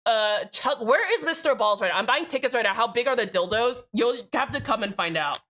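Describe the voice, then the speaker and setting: A woman's voice: a little high, lively intonation, a little fast, a bit bright. A woman live streamer chatting casually with her chat, joking and swearing, with rambling restarts. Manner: profane, joking, reads out chat names.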